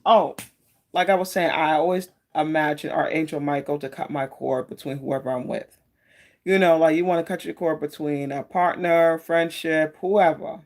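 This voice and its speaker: A woman's voice: low-pitched, steady tone, normal speed, darkish tone. Woman, tarot live-streamer, rambling and friendly-casual delivery. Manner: chatty and meandering, greets viewers by name. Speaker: tarot card reader hosting a live stream.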